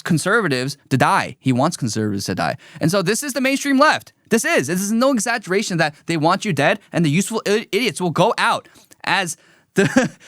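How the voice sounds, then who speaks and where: A man's voice: high voice, fairly bright tone, no room sound, clean studio sound. A man hosting a livestream, commenting on a clip in an emphatic, scornful and repetitive way. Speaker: host.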